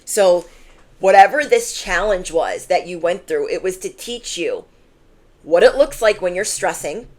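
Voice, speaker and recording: A woman's voice: lowish voice, a little slow, darkish tone. Emphatic woman giving a tarot reading. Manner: emphatic, conversational, fillers. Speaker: tarot reader.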